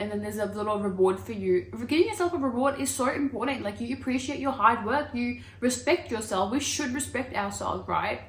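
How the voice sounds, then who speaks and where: A woman's voice: on the high side, a bit bright, echoey room. A woman in her twenties chatting to camera as a lifestyle vlogger, gushing and filling her talk with "like" and "wow.". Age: 20s. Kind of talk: casual chat to camera.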